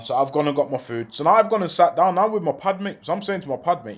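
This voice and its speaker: A man's voice: on the high side, quick pace, hardly any pauses. A young man telling a story from jail in street slang, acting out the voices of the people in it. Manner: street slang, animated retelling with quoted voices. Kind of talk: storytelling monologue.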